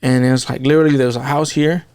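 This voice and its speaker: A man hosting a casual podcast, telling stories in slangy, profane speech and acting out quoted lines in quick bursts. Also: medium pitch, steady tone, a little mellow, clear, resonant tone, dry recording. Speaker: podcast host. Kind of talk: casual storytelling chat.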